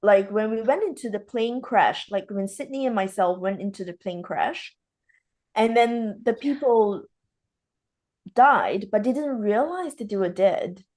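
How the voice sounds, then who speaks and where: A woman's voice: mid-range voice, lively intonation, unhurried, darkish tone. A woman hosting a casual talk show, retelling experiences and acting out the dialogue as she goes. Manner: acts out dialogue while retelling stories. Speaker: spiritual show host. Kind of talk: casual conversation, storytelling.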